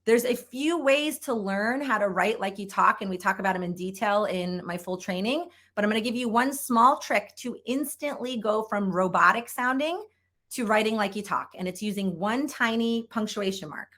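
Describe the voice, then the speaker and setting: A woman's voice: medium pitch, moderate pace, fairly bright tone. Emphatic woman giving a sales training talk. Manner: upbeat, emphatic, repeats points for effect. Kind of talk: conference keynote talk.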